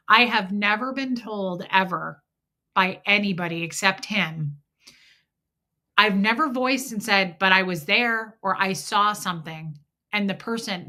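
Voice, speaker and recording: A woman hosts a livestream with a bright, forceful voice. She tells her story bluntly and with plenty of swearing. She acts out both sides of old arguments. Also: medium pitch. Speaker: host.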